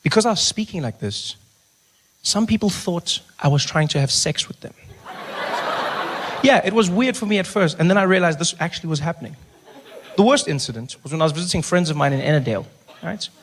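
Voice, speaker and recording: A man from South Africa doing stand-up comedy, telling stories quickly and dropping into hushed voices for the characters. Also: fairly high pitch, expressive, slight background noise.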